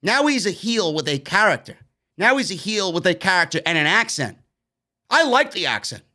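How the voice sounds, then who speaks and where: A man's voice: high-pitched, big pitch swings, moderate pace, pushed and bright. A man from New York hosting a casual live-stream wrestling review, recapping the show and giving blunt opinions in a chatty way. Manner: opinionated, chatty, recaps events then gives his take.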